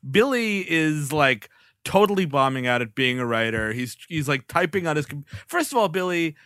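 A man's voice: fairly high pitch, animated, normal speed, pushed and bright, clean tone, no room sound, clean studio sound. A man co-hosting a podcast in casual, joking chat, laughing often. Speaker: podcast co-host.

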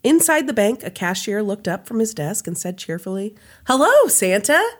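A woman hosts a podcast and reads a story aloud in a relaxed, chatty way. She stops now and then for a laugh or a quick aside about the details. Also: medium pitch. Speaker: podcast host. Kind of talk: casual storytelling chat.

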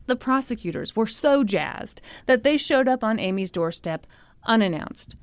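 A woman's voice: on the high side, normal speed, clean tone, no room sound. A woman co-hosting a podcast, telling a true crime story in a casual, sarcastic way and acting out the people she quotes. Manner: animated, sarcastic, acts out quotes with laughs.

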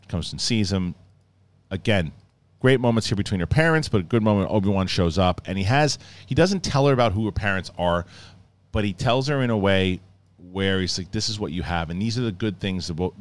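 A middle-aged man with a voice that sits low reviews a show in a casual, rambling way, frequently acting out scenes in quick mock voices.

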